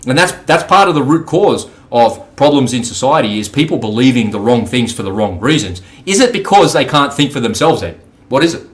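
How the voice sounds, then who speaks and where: A middle-aged man talking on a podcast at a medium pitch. He tells stories in a blunt, profane, conversational way. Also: big pitch swings, brisk. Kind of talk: casual conversation.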